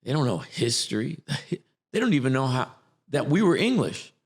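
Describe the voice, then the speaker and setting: Gravelly, animated New man. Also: medium pitch, normal speed. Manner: teasing, rambling, many restarts. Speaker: acting coach, podcast host. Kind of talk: casual chat.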